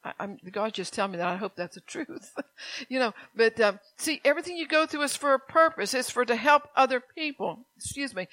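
An older woman delivers a sermon in a loose, conversational manner, drifting into asides and then rising into impassioned spoken prayers. Her tone is bright and forward. The recording is dry, with no room sound. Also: fairly high pitch, animated, brisk, dry recording. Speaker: preacher.

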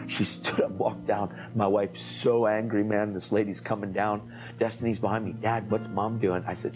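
A man preaching, telling an animated testimony story and acting out the people in it. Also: lowish voice, a little fast, music in the background, low-quality recording. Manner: animated storytelling, acts out quoted voices. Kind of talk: emotional testimony.

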